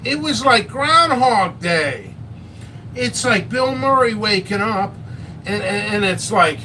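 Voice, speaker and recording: A man's voice: high voice, expressive, measured pace, far from the mic, background noise. A man hosting a casual live stream about peppers and hot sauce, rambling and joking at his own expense. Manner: rambling, joking, self-mocking.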